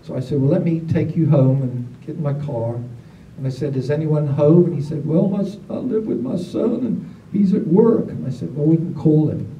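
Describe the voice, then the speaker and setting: A man, telling stories to a gathering in a casual, animated way, acting out other people's lines. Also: on the high side, moderate pace, few pauses, muffled recording. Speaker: storyteller at a gathering. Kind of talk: casual spoken storytelling. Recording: roomy, distant mic, faint background noise.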